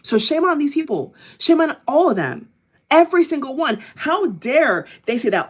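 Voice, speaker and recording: A woman's voice: high voice, very animated, normal speed. A woman from the United States vlogging an angry political rant to camera, hammering the same phrases again and again. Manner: heated, repeats phrases over and over.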